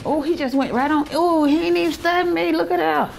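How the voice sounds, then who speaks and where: A woman's voice: sits high, brisk, vocal fry. A worn-out middle-aged woman with a Southern US accent, chatting to her viewers as she walks through a hospital with her phone. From Alabama, US. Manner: chatty, talks straight to viewers while walking. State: tired, worn out. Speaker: vlogger. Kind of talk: casual handheld vlog chat. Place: hospital corridors and rooms, indoors. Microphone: handheld phone. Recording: noisy hospital ambience.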